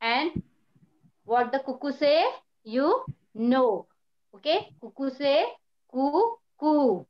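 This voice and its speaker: A woman teacher who speaks slowly and patiently, repeating words for young pupils. Her voice sits fairly high, and the recording is dull and lo-fi. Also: animated. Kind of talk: online primary school lesson.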